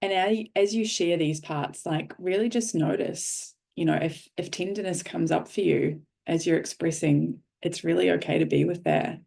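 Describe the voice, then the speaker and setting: A woman's voice: fairly low pitch, normal speed, gravelly, few pauses, darkish tone, breathy edge. A woman leading an online workshop over a video call, encouraging and swearing casually. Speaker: workshop facilitator.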